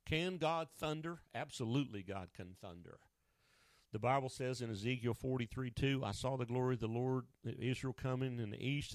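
A man preaching a sermon, swinging between loud emphatic lines and hushed asides. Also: medium pitch, no room sound, studio quality.

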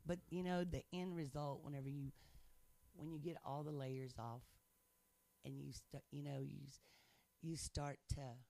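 A man's voice: a little high, fairly even intonation, moderate pace, creaky, warm tone. A man sharing his faith testimony in casual chat, earnest and playful, laughing often.

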